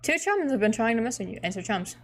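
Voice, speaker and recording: A slightly high-voiced woman reads a webcomic aloud and reacts to it in loose, casual commentary. She giggles often, gets excited and swears freely. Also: fast talker, a little hiss or hum. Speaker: host reading a webcomic aloud.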